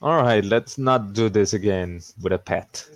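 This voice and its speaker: A man playing a tabletop game as one of the players, laid-back and quick to laugh. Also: lowish voice, poor audio.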